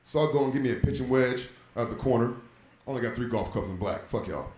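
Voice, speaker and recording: A man doing a stand-up comedy set on a club stage, telling a profane story about his son and dog and jumping into loud, high voices for the quotes. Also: quick pace, noisy background. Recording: roomy club echo.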